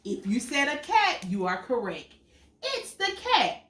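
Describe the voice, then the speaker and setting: Brief: female teacher, slightly high voice, acts out sound words and quizzes young listeners; recorded a little far off. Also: wildly swooping pitch, measured pace, a bit bright. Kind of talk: picture-book read-aloud lesson for young children. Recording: echoey room, mic at a distance.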